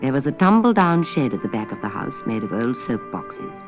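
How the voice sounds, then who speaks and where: A woman narrating a children's story in poised, measured tones. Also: rumbling low, sing-song. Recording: old record with loud orchestral music.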